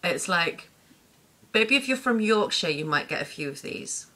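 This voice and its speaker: Chatty woman doing a tag vlog, low voice but bright and crisp. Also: animated. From Lincolnshire, England. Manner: chatty, upbeat, quick to laugh. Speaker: vlogger answering tag questions. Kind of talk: casual chat to camera.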